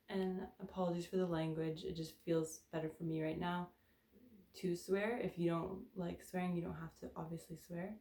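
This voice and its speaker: A woman's voice: fairly low pitch, little pitch movement, normal speed, dark tone. A woman leading a guided tapping session in a casual, candid way, swearing freely and sighing between statements. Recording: echoey room.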